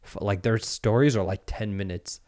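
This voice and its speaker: A man in his thirties hosts a podcast, casually telling a story in a voice on the low side at normal speed. He is an animated storyteller, acting out the voices in his quotes and swearing now and then.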